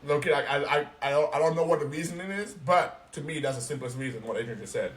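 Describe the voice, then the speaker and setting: A young man talking casually on a podcast, ranting in an animated, profane and emphatic way. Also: a little high, quick pace. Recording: roomy, distant mic, faint noise.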